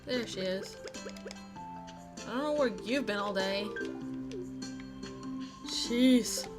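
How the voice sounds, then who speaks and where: A woman's voice: medium pitch, slow, loud music behind the voice. A young adult woman streaming a game live, chatting in a giggly, rambling way full of silly asides. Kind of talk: casual live-stream chat while gaming.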